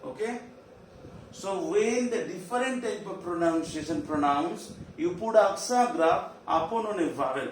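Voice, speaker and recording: A high-voiced man with an Indian English accent leads a virtual class, slowly drilling each term over and over. He sits well away from the mic, so the room rings with echo under a faint hiss. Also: expressive, distant mic. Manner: slow, repetitive drilling of terms. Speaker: teacher.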